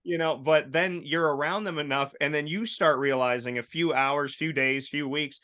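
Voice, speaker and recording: A male talk show host with a bright, forceful voice. He chats casually and tells animated stories, acting out quoted lines as he goes. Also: on the high side, normal speed. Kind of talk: casual chat.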